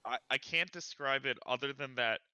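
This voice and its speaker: A man's voice: mid-range voice, normal speed, sharp tone, clean tone, no room sound, dull audio. A young man co-hosting a podcast, chatting bluntly and jokingly, often laughing. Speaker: podcast co-host. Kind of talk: casual chat.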